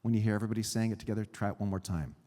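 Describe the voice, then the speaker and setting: A man preaching a sermon as a pastor, teaching in an animated way with pauses and emphasis. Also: lowish voice, big-room sound. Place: church sanctuary.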